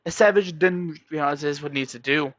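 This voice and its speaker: A man's voice: fairly high pitch, moderate pace, a bit bright, no room sound. A young man narrating an amateur story in a rambling way, often restarting and chaining clauses.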